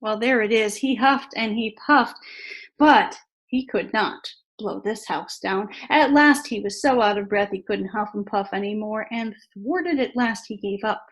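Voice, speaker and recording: A woman reading a children's story aloud with expressive, animated storytelling during a worship service. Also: medium pitch, a little slow. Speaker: worship leader. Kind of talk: story read-aloud in a sermon.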